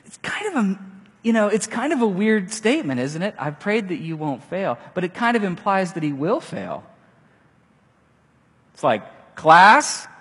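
A man preaching a sermon, animated, acting out the quoted lines with casual asides. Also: on the high side, husky. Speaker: pastor. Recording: long hall reverb.

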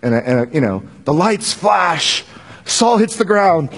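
A fairly high-voiced male preacher talks through a sermon in a husky, slightly breathy voice. He speaks in a casual, joking way and often restarts his sentences as he explains. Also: big pitch swings, takes it slowly, fairly bright tone. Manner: conversational and joking, with frequent restarts. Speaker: pastor.

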